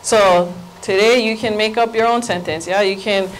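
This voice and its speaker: A woman's voice: medium pitch, fairly even intonation, normal speed, a little hiss or hum, poor audio. A woman with a Hawaii accent giving a playful workshop presentation as a Hawaiian language teacher, getting the audience to repeat phrases aloud.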